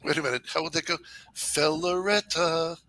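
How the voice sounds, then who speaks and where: A man's voice: mid-range voice, moderate pace, sharp tone, a little hiss or hum. A man bantering in a casual live-stream chat, folksy and teasing.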